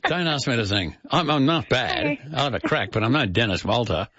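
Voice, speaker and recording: A man's voice: medium pitch, very animated, fairly quick, a bit bright. A man filling in as a talkback radio host, joking and self-deprecating. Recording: dull radio broadcast sound.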